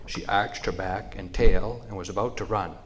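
A man telling a traditional animal story in a measured, unhurried narration. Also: lowish voice, steady tone, a little hiss or hum.

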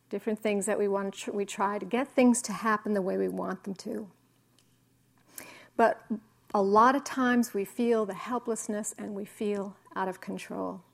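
A woman meditation teacher giving a slow, reflective dharma talk with soft pauses. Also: medium pitch, gravelly. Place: meditation hall.

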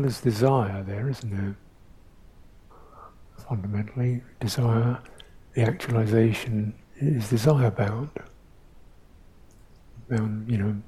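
An older man giving a reflective dharma talk as a meditation teacher, pausing often and humming between thoughts. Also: medium pitch, husky, low-quality recording. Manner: slow, reflective, with pauses and soft hums.

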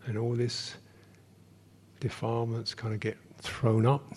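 A man giving a meditation retreat dharma talk as a Buddhist teacher, speaking in slow, halting phrases with many pauses and sometimes dropping to a soft whisper. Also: mid-range voice, flat delivery, a little hiss or hum.

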